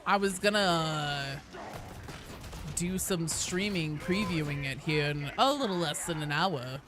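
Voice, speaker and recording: A young woman streaming a game, chatting casually and greeting viewers with bursts of excitement. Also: low voice, a little slow, background noise. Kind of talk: casual gaming stream chat.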